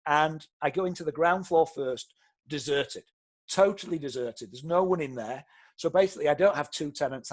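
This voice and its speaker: A man, a property investor telling a story in a lively, conversational way and often checking in with "okay?". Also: fairly high pitch. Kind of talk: storytelling talk.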